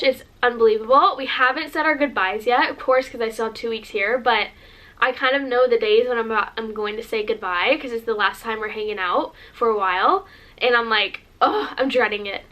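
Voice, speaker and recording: A woman's voice: fairly high pitch, moderate pace, fairly bright tone. Bubbly young woman vlogging. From Northern California, USA. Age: 20s. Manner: gushing, bubbly, rambling with many likes. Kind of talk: casual chatty vlog.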